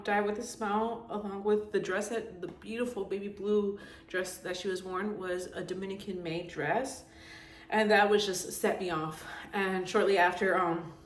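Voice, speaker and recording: A young woman vlogger giving a casual, heartfelt, rambling review with lots of fillers. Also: fairly low pitch. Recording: echoey room with faint background noise.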